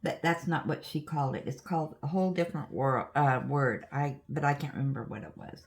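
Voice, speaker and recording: A brisk, low-voiced older woman with an Oregon accent makes casual conversation while diamond painting. In her crafting vlog she wanders from story to story, tossing in asides along the way.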